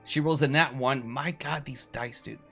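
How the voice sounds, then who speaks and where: A man's voice: mid-range voice, fairly even intonation, normal speed, vocal fry, pushed and bright, faint music behind. A man narrating and running a tabletop game as game master, explaining the rules casually.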